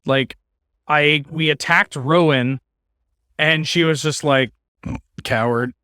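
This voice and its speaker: A man's voice: fairly high pitch, steady tone, takes it slowly, sharp tone, smooth, dry recording, studio quality. A man streaming a card game, giving casual commentary with wry, sarcastic asides.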